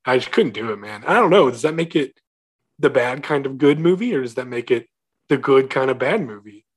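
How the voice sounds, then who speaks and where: A man's voice: medium pitch, lively intonation, a little fast, husky. A man co-hosting a casual movie podcast, rambling and hesitant, full of "like" and restarts. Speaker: podcast co-host.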